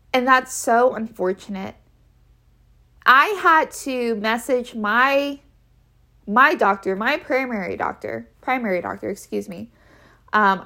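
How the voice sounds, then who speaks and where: Slow, emphatic woman telling a story. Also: mid-range voice, sharp tone. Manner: emphatic, repeats key phrases for effect; frank and conversational, with fillers. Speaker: vlogger telling a personal story. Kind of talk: casual storytime.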